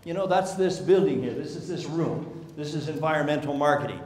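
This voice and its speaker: A man's voice: a little high, a little fast, a little mellow. A man giving a business seminar talk, telling stories and asking the audience rhetorical questions. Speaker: seminar speaker. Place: large seminar hall. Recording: echoey hall with faint ambience.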